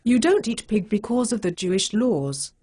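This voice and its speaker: A computer voice plays a blunt, stubborn female cat superhero in an animated short. Her slightly husky, mid-height voice jumps around in pitch as she speaks at normal speed in short, flat, defensive statements, plain and blunt.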